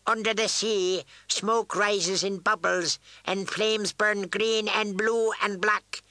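Brief: male reader putting on an eerie singsong fool for a storybook, high, slow, bright and dry. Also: clear, resonant tone, no echo, full character voice.

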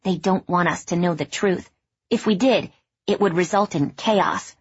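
A woman voicing a teenage girl who insists on a conspiracy theory in an urgent, hushed way. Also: on the low side, measured pace, husky, no echo, dull audio. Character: conspiracy-minded teenage girl, earnest and secretive.

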